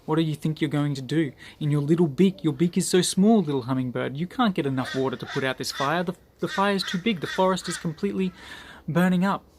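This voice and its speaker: A man's voice: a little high, fast, slight background noise, pitched above the performer's own voice, natural voice. A man voicing a frightened crowd of forest animals who scoff in disbelief. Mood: incredulous. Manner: incredulous, pleading, raised voice.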